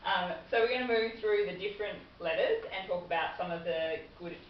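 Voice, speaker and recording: A woman's voice: on the low side, a little fast, distant mic, slight background noise. A woman trainer giving a workplace communication lesson in a training room, explaining things in a friendly way. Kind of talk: classroom training talk. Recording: dull, roomy recording from afar.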